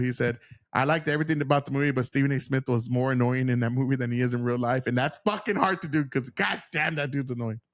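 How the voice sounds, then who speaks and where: A man's voice: on the high side, dry recording, studio quality. A man hosting a casual podcast, rambling with lots of fillers and swearing freely. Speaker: podcast host.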